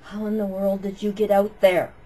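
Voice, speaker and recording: A woman's voice: medium pitch, level tone, normal speed, dark tone, close to an everyday voice. A woman putting on a bossy male schoolteacher. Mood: exasperated.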